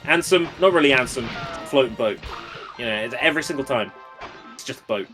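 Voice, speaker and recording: A man's voice: medium pitch, expressive, brisk, over music. A man co-commentating a livestreamed game race, rambling casually and riffing jokes. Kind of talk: casual chat.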